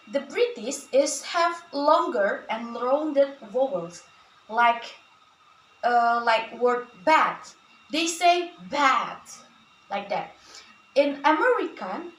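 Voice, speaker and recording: Young woman student presenter, Indonesian native, halting; high and slow, recorded from a distance in a roomy space. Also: a bit bright, slight background noise. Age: young adult. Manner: halting, with frequent fillers and restarts. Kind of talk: class presentation. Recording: echoey room, from a distance.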